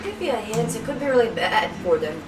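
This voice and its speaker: A woman's voice: on the high side, big pitch swings, a little fast, noisy background. A woman putting on a tipsy Irish innkeeper. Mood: sly tipsy. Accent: wobbly put-on Irish. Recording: roomy, distant mic, music behind.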